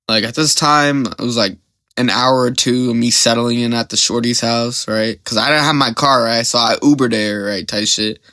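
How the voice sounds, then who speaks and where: A man's voice: mid-range voice, steady tone, moderate pace, sharp tone, no echo. A young man hosting a podcast, telling a story in a rambling, slang-heavy way and often getting sidetracked. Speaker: podcast host.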